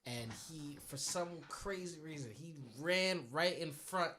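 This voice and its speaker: A man co-hosting a podcast, chatting in a relaxed way with casual slang. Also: a little high, a little slow, background noise. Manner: relaxed, laid-back slang.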